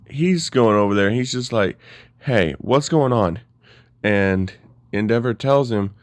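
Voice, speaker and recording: Man with a low voice, casual rambling storyteller, dry close sound. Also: dry recording. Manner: casual, rambling, filler-heavy. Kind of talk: casual spoken story retelling.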